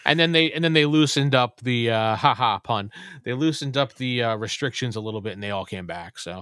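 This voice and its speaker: Speaking fairly quickly in a mid-range voice that's bright, clear and resonant, this man runs a relaxed live stream chat and often trails off with ums. It's recorded in a clean studio with no echo.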